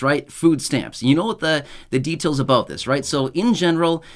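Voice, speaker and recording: Chatty upbeat man explaining benefits news. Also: medium pitch. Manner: chatty, repetitive, upbeat, lightly sarcastic. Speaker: YouTube channel host. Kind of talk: casual explainer monologue.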